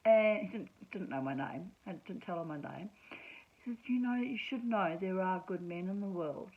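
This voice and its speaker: A woman's voice: medium pitch, lively intonation, moderate pace, muffled recording. A woman telling a personal story in a casual monologue, chatty and sarcastic, laughing often. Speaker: vlogger.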